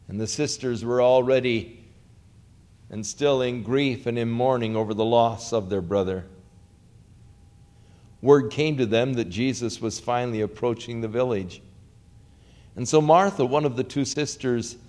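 Slow, dramatic male preacher. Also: medium pitch. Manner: slow, dramatic preaching with rising questions and hushed quotes. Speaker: pastor. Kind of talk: sermon.

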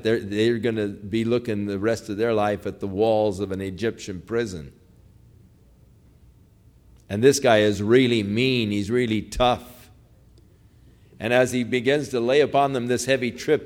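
A man's voice: medium pitch, darkish tone. A male preacher retelling a story in a sermon, conversational and emphatic.

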